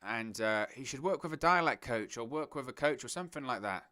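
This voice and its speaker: With a mid-range voice that's expressive, brisk and sharp, a man provides live watch-along commentary. He chats loosely with viewers, reads their messages and thinks aloud as he goes.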